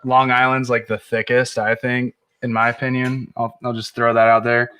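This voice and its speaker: A man's voice: mid-range voice, level tone, normal speed, sharp tone, clear, resonant tone. A man co-hosting a podcast, telling stories in a casual, profane chat. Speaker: podcast co-host.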